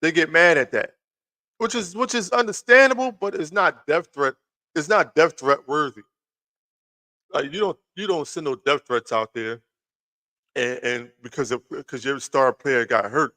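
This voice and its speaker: A man's voice: a little high, moderate pace, pushed and bright. A man hosting a casual live sports talk stream from home, rambling and repeating himself as he talks to his chat. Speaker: sports talk show host. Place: home room, lights just turned on.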